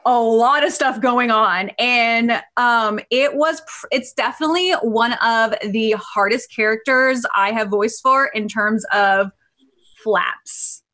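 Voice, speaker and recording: A woman with a bright, forceful, slightly high voice tells a rambling story on a panel. She talks casually and chattily, stopping and restarting often. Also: takes it slowly. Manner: chatty, many fillers and restarts. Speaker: voice actress on a panel. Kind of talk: casual anecdote.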